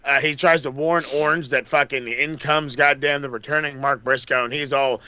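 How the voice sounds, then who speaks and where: A man's voice: mid-range voice, moderate pace, hardly any pauses, no room sound. Brash sweary man recapping wrestling. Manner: animated, swears a lot, acts out wrestlers' lines. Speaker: podcast co-host. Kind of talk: casual profane wrestling recap.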